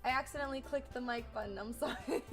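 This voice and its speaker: A woman's voice: high voice, quick pace. A young woman live-streaming a game, chatting casually with her viewers, humming and giggling. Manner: giggly, hums tunes, greets chat. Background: game music.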